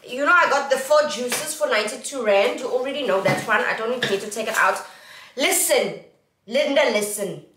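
A woman's voice: a little high, moderate pace, a bit bright, far from the mic. A young South African woman vlogging casually, playful and sing-song as she talks to her viewers. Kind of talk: casual haul vlog. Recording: echoey room, a little off mic.

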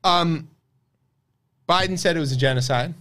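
An American man co-hosting a podcast discusses the news in casual political chat, wry and sarcastic. His voice is on the high side and a bit bright, at a moderate pace.

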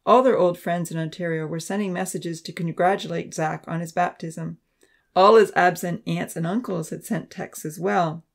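A man narrating a Christian youth novel in a steady, clear storytelling voice. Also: fairly high pitch, normal speed. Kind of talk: audiobook narration.

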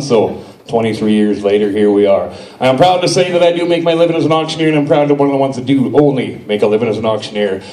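A middle-aged man working as an auctioneer, calling bids in a rapid-fire rhythmic chant with rolling number calls. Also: fairly high pitch, darkish tone. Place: large echoey auction hall. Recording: echoey hall, voice from far off.

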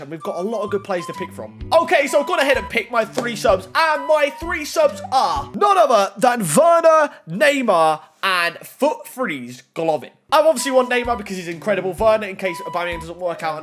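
A young man giving gameplay commentary on a football video game, excitable and talking straight to the game and his viewers. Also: high-pitched. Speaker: gaming YouTuber.

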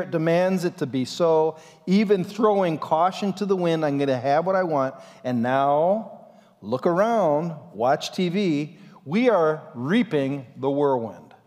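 A male pastor delivers a dramatic sermon, his voice sitting a little high and leaping all over its range. His lines carry into a long church reverb. He drives each point with animated emphasis. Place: church sanctuary.

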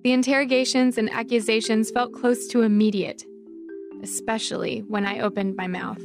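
A woman from North Carolina reading her personal essay aloud in a measured, reflective way. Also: fairly high pitch, flat delivery. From Charlotte, North Carolina. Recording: voice over clear background music.

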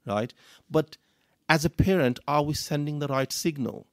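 A man co-hosting a radio show, sharing parenting advice in a halting way with frequent pauses and restarts. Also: on the high side, gravelly, no room sound, studio quality. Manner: halting, many fillers and restarts. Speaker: radio co-host.

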